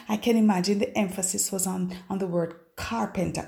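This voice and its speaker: Woman, Bible lesson teacher, gravelly, mellow, dramatic storytelling. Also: mid-range voice, moderate pace, few pauses. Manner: expressive, dramatic storyteller who acts out scripture.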